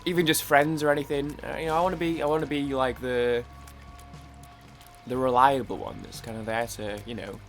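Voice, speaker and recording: A man's voice: medium pitch, little pitch movement, fairly quick, a bit bright, soft background music. A man chatting casually while playing a video game, rambling, restarting his sentences and swearing now and then. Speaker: gaming YouTuber. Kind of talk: casual let's-play chat.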